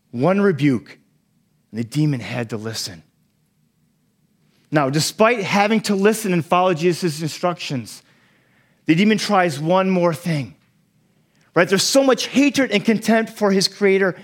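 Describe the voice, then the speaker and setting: A man with a fairly high voice delivers a sermon, walking listeners through a Bible passage step by step. He often checks in with a quick "right?" and acts out the quoted lines with energy. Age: young adult to middle-aged, a parent. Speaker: pastor.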